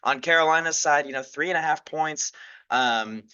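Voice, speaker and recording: Young male podcast host, bright tone, loose rambling delivery full of ums, slightly lo-fi. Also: fairly high pitch, moderate pace, smooth. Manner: casual, rambling, many fillers and restarts. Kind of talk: solo sports podcast chat.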